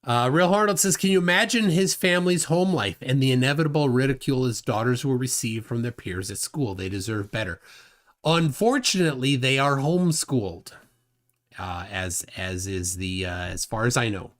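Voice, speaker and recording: A man with a mid-range, animated, fairly bright voice hosts a livestream, giving casual commentary while reading viewer comments. He's unhurried and halting, hesitating with many fillers.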